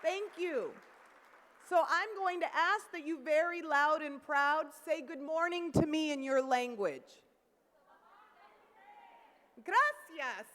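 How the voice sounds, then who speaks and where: A woman's voice: high-pitched, slow pace, pauses often, a bit bright, a faint crowd, slight background noise. A woman giving an interactive keynote at a conference, upbeat and coaxing the audience to call out greetings. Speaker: keynote speaker. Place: large conference hall. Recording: long hall reverb.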